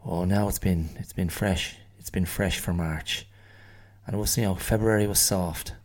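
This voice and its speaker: A man's voice: low-pitched, steady tone, moderate pace. A middle-aged Irish man hosting a solo podcast, musing in a rambling, wry way and often restarting his phrases. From Ireland. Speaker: podcast host.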